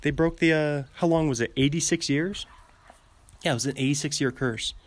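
A man's voice: fairly high pitch, moderate pace. Giggly rambling young man. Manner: giggly, meandering, self-interrupting. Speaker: podcast host. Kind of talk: rambling solo chat. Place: outdoor gazebo, light drizzle. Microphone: walking while talking.

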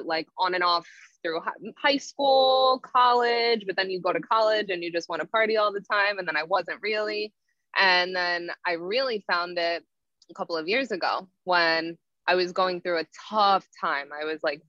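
A woman's voice: lowish voice, bright, forceful tone, no echo. A young woman, a yoga teacher telling stories in a casual interview, full of "like" fillers. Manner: chatty, frequent "like" fillers. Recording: dull lo-fi sound.

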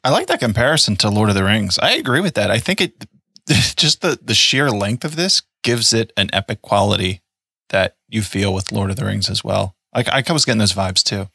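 A man's voice: fairly low pitch, lively intonation, a little fast, creaky, bright, forceful tone, slightly rough, no room sound, clean studio sound. A man co-hosting a podcast, agreeable and chatty. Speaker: podcast co-host. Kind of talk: casual podcast chat.

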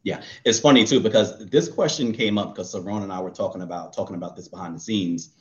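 A man co-hosting a casual podcast chat, animated and often laughing as he acts out what he would say. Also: low-pitched, fast, muffled recording. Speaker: co-host.

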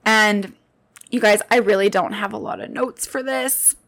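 A woman's voice: medium pitch, measured pace, a bit bright. A woman in her late twenties hosting a podcast, sharing personal stories in an earnest, heartfelt monologue that speaks straight to her listeners. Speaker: podcast host.

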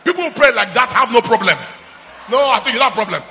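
A middle-aged man with a Nigerian English accent, preaching a charismatic sermon with loud call-and-response and repetition. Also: very high-pitched, animated, fast talker, soft background music. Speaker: bishop preaching.

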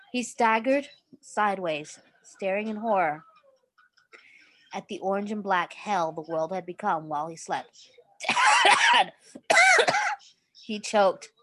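A woman reading a story aloud in a casual way, stumbling now and then and correcting herself. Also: medium pitch. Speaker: reader.

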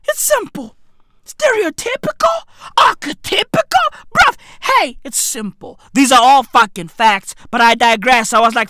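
A young woman telling profane comic stories, jumping from high squeals to low mutters and packing in slang. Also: sing-song, a little slow, sharp tone, no echo, studio quality.

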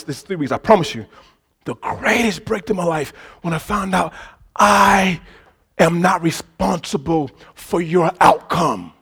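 High-voiced preacher swinging soft to shouting. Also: male voice, gravelly, breathy edge. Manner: swings from quiet conversational asides to loud shouted preaching; talks directly to the congregation with call-and-response prompts. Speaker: pastor. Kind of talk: sermon.

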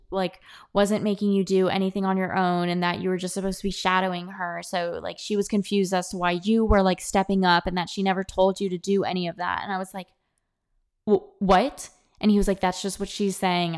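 A young woman hosting her own podcast, telling a work story in a chatty, animated way and acting out what others said. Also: on the low side. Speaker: podcast host. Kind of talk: casual storytelling monologue. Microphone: own podcast mic, close.

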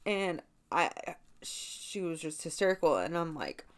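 A woman's voice: low-pitched, sing-song, unhurried, no room sound. Blunt, profane woman telling a story. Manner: blunt, profane, rambling with many fillers. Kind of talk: casual personal storytelling.

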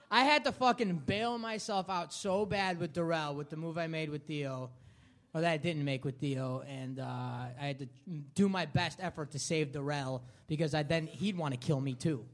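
A man co-hosting a live podcast in a comedy club, excitable and swearing a lot, with sudden loud outbursts. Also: a little high, moderate pace. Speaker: podcast co-host.

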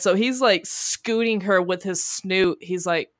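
A woman co-hosting a podcast, telling a long story in casual chat, swearing freely and loudly acting out the people she quotes. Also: mid-range voice, fairly even intonation, a little slow, dry recording, studio quality. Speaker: podcast co-host. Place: home garage studio.

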